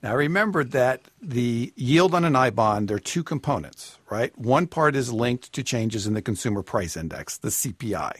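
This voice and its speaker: A man giving personal finance advice on a radio call-in show, measured and explanatory with a wry touch. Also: mid-range voice, animated, husky, no room sound.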